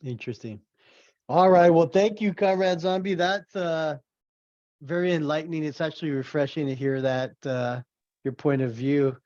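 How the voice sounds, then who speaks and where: A man hosting a discussion series, speaking calmly and affirming his guest with brief interjections. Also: a little high, moderate pace, dry recording, muffled recording. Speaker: host of a reading and discussion series. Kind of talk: casual hosted discussion.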